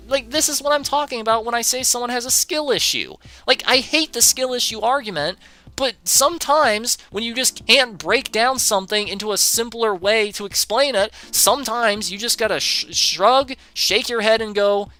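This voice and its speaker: A young man on a game stream with a very bright, forceful and smooth voice. He reads chat and answers in sarcastic, swearing rants, with faint game music underneath. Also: high-pitched, a little fast. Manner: sarcastic, profane, often laughing.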